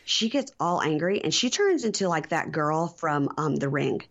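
A woman's voice: deep voice, big pitch swings, normal speed, dull audio. A woman co-hosting a casual podcast recap, retelling scenes in a chatty way with wry asides. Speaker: podcast co-host. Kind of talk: casual reality-TV recap chat.

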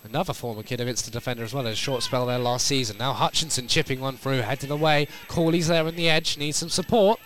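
A man from North East England commentating live on a football match outdoors, quick play-by-play that rises in pitch and volume at big moments. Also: fairly bright tone, a little hiss or hum.

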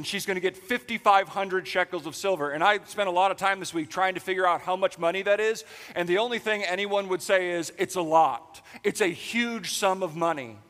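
A man's voice: high-pitched, fairly bright tone, long reverb tail. A young man preaching a sermon in a casual, joking way, filling his speech with "like". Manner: casual, jokey, heavy use of "like". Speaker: pastor. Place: church sanctuary.

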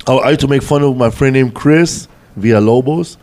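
A man's voice: medium pitch, brisk, a little mellow. A comedian in his forties telling stories in casual chat, rambling, swearing freely and using loose street slang. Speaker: comedian guest.

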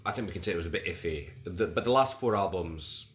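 A man's voice: sits low, animated, quick pace. A man in his forties co-hosting a casual music podcast, rambling and hesitant with lots of fillers and restarts. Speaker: podcast co-host. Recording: roomy recording with faint background hiss.

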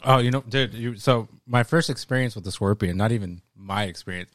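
A man's voice: on the low side, a little fast, no echo, studio quality. A man telling a story in a casual, laid-back, joking way. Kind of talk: casual chat.

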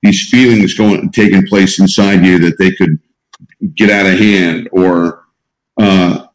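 A man coaching a small group of students, teaching in an emphatic way and repeating his key points. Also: low voice. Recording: roomy echo.

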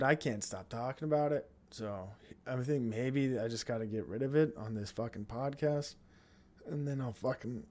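A man's voice: mid-range voice, darkish tone. A man sits at his computer at home and rants through a solo podcast episode. He rambles from point to point, swears freely and works himself up as he talks. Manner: agitated, profane, rambling. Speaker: podcast host. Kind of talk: casual solo podcast rant. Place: home, seated at a computer on a dining chair.

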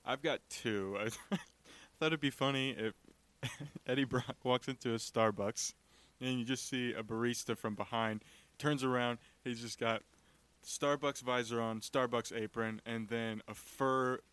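A man's voice: mid-range voice, steady tone, a little slow, fairly bright tone, clear, resonant tone, no echo. A young man co-hosting a podcast who giggles mid-sentence while telling a joke scenario. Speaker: podcast co-host. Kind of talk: casual comedic chat.

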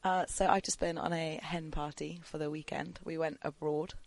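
A woman, a podcast guest in casual chat, measured and mildly exasperated. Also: deep voice, level tone, creaky.

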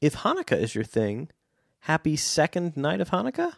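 A man's voice: on the high side, wildly swooping pitch, moderate pace, gravelly, dry recording, studio quality. A man co-hosting a casual podcast chat, rambling and wry, often correcting himself mid-sentence. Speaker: podcast co-host.

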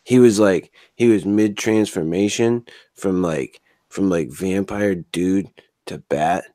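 A man's voice: sits low, slow, mellow, no echo, clean studio sound. A man co-hosting a podcast in casual banter, drawling and tacking "man" and "dude" onto his lines. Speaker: podcast co-host.

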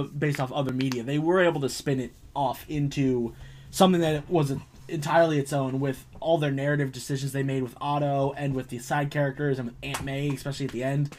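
A man's voice: mid-range voice, fairly quick, a little hiss or hum. A man hosting a casual video game chat, blunt and freely swearing. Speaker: podcast host.

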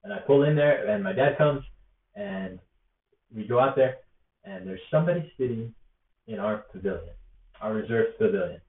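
Speaking to camera, a young rally organizer rambles earnestly and casually through a story, with plenty of fillers and frequent pauses. His voice is fairly low, expressive, and at normal speed. The built-in laptop or tablet mic makes it sound echoey, distant, and phone-like.

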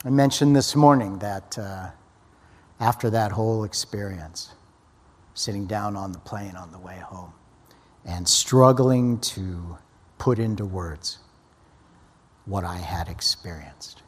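A man's voice: deep voice, slow pace, long pauses, slightly rough. A man giving an earnest personal testimony as a guest speaker, often restarting his sentences. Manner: earnest storytelling, frequent restarts. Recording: long hall reverb.

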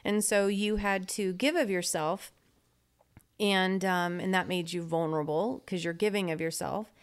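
A woman's voice: lowish voice, fairly even intonation, measured pace, clear, resonant tone. Woman podcast co-host, casual chat, teasing, jumps in to finish sentences.

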